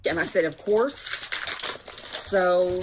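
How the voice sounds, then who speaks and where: A woman's voice: on the low side, slow pace, background noise. A woman vlogger telling candid dating stories in a casual, conversational storytime way. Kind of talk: chatty storytime vlog.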